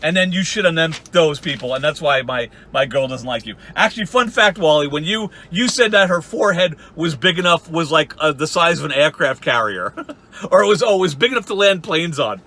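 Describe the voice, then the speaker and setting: Bright-voiced sarcastic man in his forties. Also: on the high side, expressive, fairly quick. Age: 40s. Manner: sarcastic, mocking, profane. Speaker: YouTube commentator. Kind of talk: ranting commentary.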